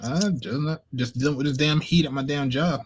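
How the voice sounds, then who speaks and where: A man chatting casually on a livestream in a laid-back, halting way. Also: mid-range voice, fairly even intonation, background noise.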